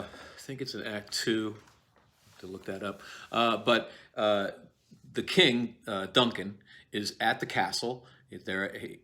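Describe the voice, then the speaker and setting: A man's voice: on the low side, a bit bright. A man giving a chatty, rambling video lecture on a play, self-deprecating and full of asides.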